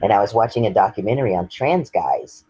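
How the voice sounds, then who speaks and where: A man's voice: lowish voice, a little fast, dark tone, husky, dry recording, poor audio. A man, earnestly sharing his personal story as an interview guest. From Texas. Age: 50s. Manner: earnest, candid and reflective.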